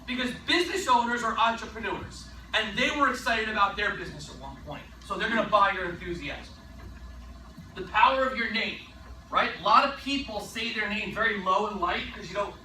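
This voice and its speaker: A man giving a sales training talk, energetic and emphatic, often tossing in a rhetorical "right?". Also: sits high, a little fast, reverberant, recorded from a distance, slight background noise, poor audio.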